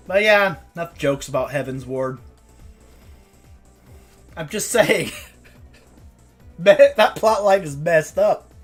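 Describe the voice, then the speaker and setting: A woman's voice: on the low side, animated, slow pace, pauses often, faint music behind. A woman streamer chatting casually, ranting and swearing with frequent laughter.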